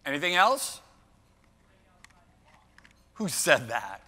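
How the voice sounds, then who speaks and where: A man's voice: fairly high pitch, big pitch swings, extremely slow, bright, forceful tone. An older man giving a keynote talk, playful and self-mocking, bantering with the audience by name. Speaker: keynote speaker. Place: large conference hall. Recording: long hall reverb.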